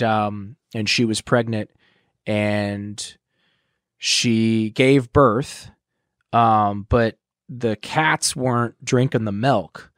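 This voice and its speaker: A man telling a long personal story in an interview, rambling and profane, getting animated when he quotes other people. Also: lowish voice, dry recording, studio quality. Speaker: guest in recovery.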